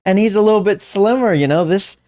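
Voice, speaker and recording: A man's voice: high-pitched, fairly quick, a little mellow, no echo, studio quality. A man chatting casually, laughing and thinking aloud while he reacts to a show. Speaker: reaction video host. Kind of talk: casual commentary while watching.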